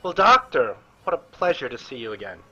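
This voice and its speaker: A man's voice: mid-range voice, sing-song, a little fast, bright, forceful tone, husky, muffled recording, faint music behind, exaggerated voice. A man voicing an earnest, secretive female priestess in a tabletop game, with a lilting voice that rises on exclamations.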